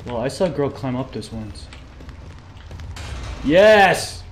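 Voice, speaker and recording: A young man streaming a game live, reacting excitably, swearing and laughing at what happens on screen. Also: medium pitch, fairly quick, a little hiss or hum. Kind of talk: live gameplay commentary.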